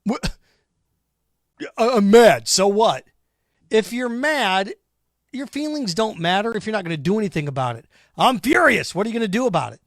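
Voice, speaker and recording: A man with a high, bright-pitched voice rants through a sports talk monologue, combative and sarcastic. He fires rhetorical questions and scoffs at his critics. The sound is dry and close. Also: animated, a little fast, no room sound. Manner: combative, sarcastic, mocks imagined callers in put-on voices. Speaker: sports radio host.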